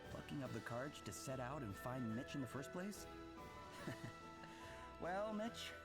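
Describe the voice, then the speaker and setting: An actor playing a modest, easygoing adventurer in a game. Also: male voice, medium pitch, sing-song, a little slow. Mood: kind. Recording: game audio under music.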